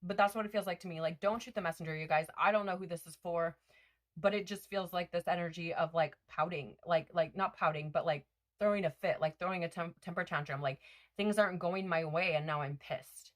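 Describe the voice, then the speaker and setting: Lady doing a tarot-style reading, lowish voice, rambly, keeps correcting herself. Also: steady tone, a little fast. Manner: rambling, lots of fillers and self-corrections. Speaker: tarot reader. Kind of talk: casual spiritual card reading.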